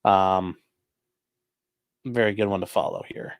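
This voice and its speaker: A man's voice: low-pitched, sing-song, a little slow, creaky, no echo, studio quality. A man hosting a livestream, reading viewer donations and giving casual commentary in a sarcastic, rambling way with casual swearing.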